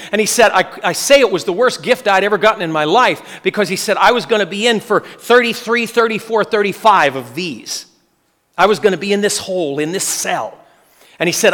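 A man's voice: high-pitched, a bit bright. A man preaching, telling a story in earnest, repeating key phrases and quoting the people in it. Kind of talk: sermon storytelling. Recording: long reverb of a large hall.

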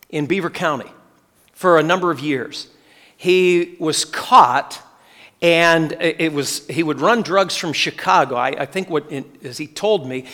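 A man's voice: a little high, fairly bright tone. A man preaching, telling a story in earnest, repeating key phrases and quoting the people in it. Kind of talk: sermon storytelling. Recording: long reverb of a large hall.

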